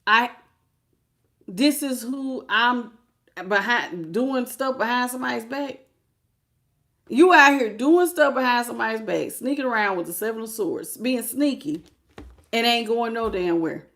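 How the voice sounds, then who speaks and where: A woman with a fairly high voice gives a live tarot reading. She talks in a lively, slangy, casual way. She laughs often and greets her viewers by name as she goes. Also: measured pace, creaky. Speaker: tarot reader.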